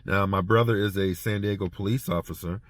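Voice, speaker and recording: A man's voice: lowish voice, steady tone, dry recording. A former prison officer talking through a casual spoken reflection, a man who halts and repeats words as he tells stories. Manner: halting, repeats words while storytelling. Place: heading home after treatment.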